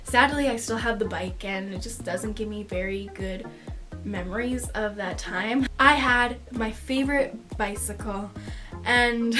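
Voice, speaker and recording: A young woman telling a personal story in a casual vlog, animated, swearing freely and laughing mid-sentence. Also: on the high side. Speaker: vlogger.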